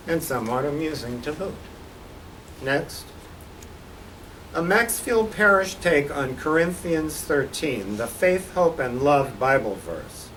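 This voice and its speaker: A man's voice: on the high side, fairly bright tone. An older man, a guest artist, gives a slide-show lecture about his posters with dry, wry humor. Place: college lecture hall. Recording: distant mic with faint background noise.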